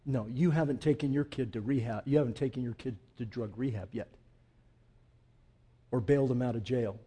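A man preaching a sermon, swinging from loud emphatic peaks to quiet, low asides and putting direct questions to the congregation. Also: moderate pace, breathy edge. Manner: emphatic, rising to loud peaks then dropping low and intimate. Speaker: pastor.

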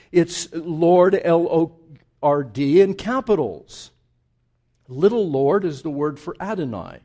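A man with a slightly high voice preaches, drifting between soft, thoughtful asides and forceful, rising passages in which he repeats phrases for emphasis.

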